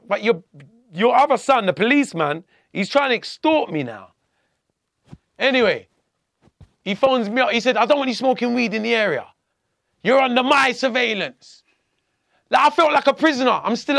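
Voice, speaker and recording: High, gravelly man telling stories. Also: no echo, studio quality. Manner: profane, animated, acts out quoted dialogue. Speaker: podcast guest. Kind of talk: casual storytelling.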